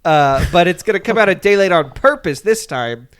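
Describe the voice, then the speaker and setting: A young man co-hosting a comedy podcast, telling absurd stories in a rambling, deadpan way. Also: sits high, moderate pace, slight background noise. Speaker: podcast co-host. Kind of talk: casual comedic podcast chat.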